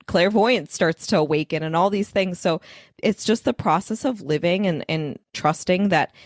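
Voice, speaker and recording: Young woman co-host, lower voice, dry sound, rambling casual chat. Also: moderate pace, no echo. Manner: chatty, rambling, many "like" fillers. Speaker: podcast co-host.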